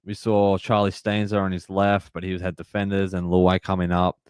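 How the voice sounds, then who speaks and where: A man hosting a live match-reaction stream, excitable and emotional, shouting at big plays. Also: low voice, moderate pace, smooth, no echo, studio quality.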